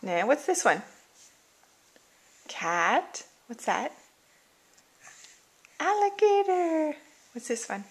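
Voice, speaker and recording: A woman's voice: medium pitch, very animated, takes it slowly, vocal fry, long pauses, a bit bright, slightly rough. A woman at home quizzing a small child, patiently naming animals and repeating her questions, recorded on a handheld camcorder. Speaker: parent teaching a toddler sign language.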